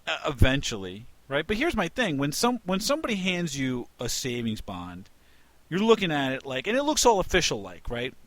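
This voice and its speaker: A man's voice: a little high, wildly swooping pitch, normal speed, fairly bright tone, no echo. A man co-hosting a casual podcast, talking emphatically, swearing freely and restarting his sentences. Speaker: podcast co-host. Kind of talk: casual banter.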